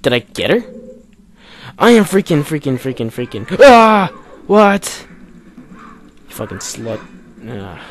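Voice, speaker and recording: A man hosting a let's play, cursing and exasperated as he comments on his game, jumping between loud outbursts and low mutters. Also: very animated, takes it slowly, long pauses. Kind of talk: gameplay commentary.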